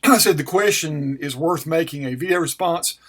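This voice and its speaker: A slightly hoarse man with a Western North Carolina mountain accent, folksy and rambling as he answers a viewer's question in a casual video, clearing his throat often. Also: a little high, normal speed. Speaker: vlogger.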